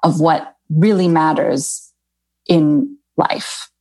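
Woman from the US, low voice, gravelly, husky, thoughtful casual chat. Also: fairly even intonation, very slow, warm tone. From United States. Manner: reflective, thoughtful, many small restarts. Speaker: guest, expat writer and tour guide.

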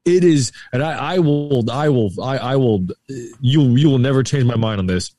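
A man's voice: mid-range voice, normal speed, dark tone, no room sound. A man from the Tampa Bay area of Florida, hosting a casual podcast chat in a loose, joking way. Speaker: podcast host.

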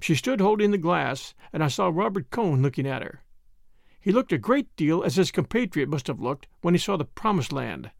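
A man's voice: a little high, big pitch swings, moderate pace, creaky, dry recording, clean studio sound. A man reading a first-person literary story aloud in a wry, understated manner. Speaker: audiobook narrator.

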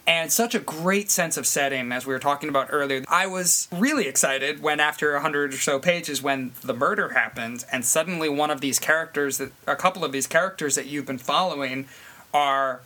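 A woman co-hosting a casual book discussion, talking with eager enthusiasm in quick animated bursts. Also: deep voice. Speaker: book podcast co-host.

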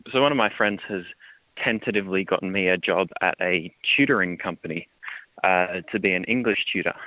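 A man's voice: low voice, no room sound. A man calling in to a podcast with a voice message, hesitant and full of small fillers. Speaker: caller. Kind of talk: recorded voice message. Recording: tinny phone-line recording.

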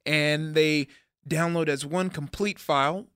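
A man's voice: a little high, steady tone, a little slow, a bit bright, clean tone, dry recording, clean studio sound. A man co-hosting a podcast in casual chat, rambling and joking, with frequent restarts. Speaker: podcast co-host.

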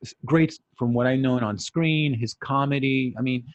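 A man's voice: mid-range voice, normal speed, dry recording. A middle-aged man chatting casually as a podcast co-host, telling stories animatedly, putting on voices and swearing casually. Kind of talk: casual chat.

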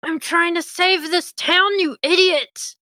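A woman game master voicing a frightened, defiant young villager who shouts back in indignation. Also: very high-pitched, steady tone, takes it slowly, pitched above the performer's own voice, full character voice. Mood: indignant.

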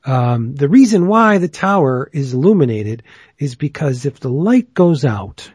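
A man's voice: medium pitch, big pitch swings, a little slow, a little mellow, breathy edge, no echo. A man hosting a casual chat who rambles enthusiastically, with plenty of fillers. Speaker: podcast host.

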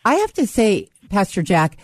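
Woman radio host, conversational, dry close sound, mid pitch. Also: wildly swooping pitch, moderate pace, no echo. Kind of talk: radio interview.

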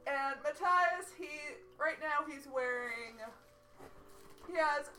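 A woman at a tabletop game talks slowly in a high, bright voice. She keeps joking about herself and apologizing. She sits far from the single mic in an echoey room with faint music behind. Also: slight background noise. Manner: self-deprecating, apologetic. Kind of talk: casual chat at a game table.

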